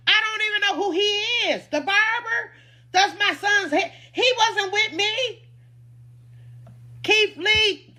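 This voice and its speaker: Indignant high, bright-voiced woman. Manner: indignant, defensive, repeating points for emphasis. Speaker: food truck owner. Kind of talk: emotional personal statement.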